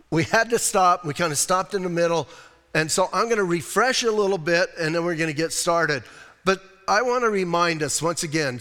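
Pastor guy preaching real casual and plain, kinda high voice, echoey church. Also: a bit bright. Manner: plainspoken, casual, self-deprecating. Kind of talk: conversational sermon. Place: church sanctuary with congregation. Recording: long reverb of a church hall.

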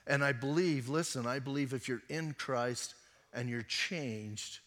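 A man who is a pastor, preaching a sermon and telling a personal story in a conversational way, moving between emphatic and hushed delivery. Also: medium pitch, a little slow, big-room sound.

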